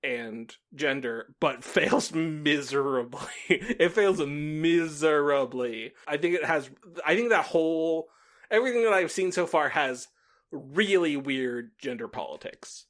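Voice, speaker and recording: A man's voice: on the high side, a little slow, fairly bright tone. A man co-hosting a podcast in casual chat, swearing freely, laughing often and acting out what other people say. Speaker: podcast co-host.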